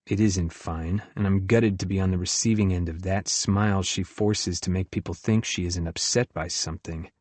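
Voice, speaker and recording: A man narrates an audiobook in the first person with an even, reflective delivery. His voice sits a little low. The recording is dry and close, with no room sound. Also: normal speed, hardly any pauses, breathy edge, no echo.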